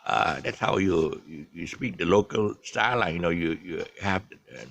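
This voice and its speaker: A man's voice: deep voice, normal speed, fairly bright tone, dry recording. A man with a Malaysian English accent, chatting casually and rambling through his explanations with many ums and restarts, adding jokes. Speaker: vlogger. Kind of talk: casual monologue explaining local slang.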